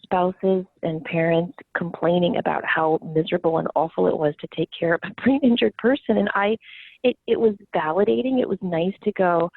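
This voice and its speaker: A podcast host talks candidly about her family in a casual conversation, laughing often. Her lowish voice moves fairly quickly over a tinny, phone-like line that is dry with no room sound.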